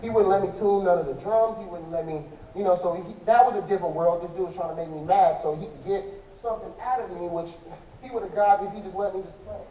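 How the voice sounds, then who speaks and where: A man's voice: sits high, quick pace, dark tone, a little hiss or hum. A man giving a loose, slangy talk to an audience from a stage, rambling and restarting his sentences as he answers questions about his drumming. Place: large indoor event hall stage. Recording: dull echoey hall from far off.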